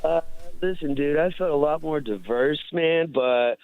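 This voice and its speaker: A man's voice: a little high, moderate pace, smooth, dry recording. A man calling in as a regular radio guest, talking bluntly and casually with lots of "dude" and "man". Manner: blunt, slangy, peppers talk with "dude" and "man". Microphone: phone. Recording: tinny dry phone line.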